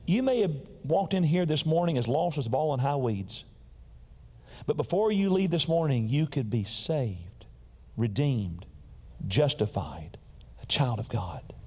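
A man's voice: fairly high pitch, moderate pace. A man preaching a sermon and telling personal stories in a folksy, emphatic way. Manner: folksy, emphatic, repeats words when excited. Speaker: pastor. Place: large church sanctuary. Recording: long hall reverb in a church.

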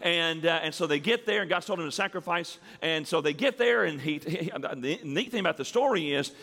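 Preaching before his church congregation in the sanctuary, this man builds emphasis and draws out important words. He talks a little fast, with a high-leaning, expressive and sharp voice, captured in a reverberant hall.

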